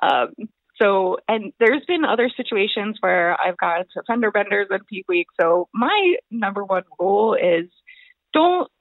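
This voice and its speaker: A young woman telling stories about competition prep in a rambling, animated way, full of fillers. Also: medium pitch, unhurried, no room sound. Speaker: bodybuilding competitor, podcast guest. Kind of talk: casual storytelling chat. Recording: thin phone-like line.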